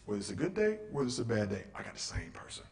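A man leading a lively teaching session in a church room, acting out quotes and firing off rhetorical questions to the audience. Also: lowish voice, rapid-fire, vocal fry. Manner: animated, acts out quotes and asks rhetorical questions. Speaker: workshop speaker. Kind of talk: interactive teaching talk.

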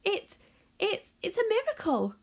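Woman reading as an astonished older grandfather, high and exclaiming. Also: wildly swooping pitch, measured pace, full character voice. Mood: amazed. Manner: exclaiming, gasping. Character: amazed old grandfather. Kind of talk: storybook read-aloud.

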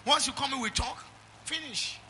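At normal speed and with a very high-pitched voice, a middle-aged Nigerian-accented pastor delivers a church sermon against slight background noise. He addresses the congregation directly, moving between booming exhortations and hushed asides.

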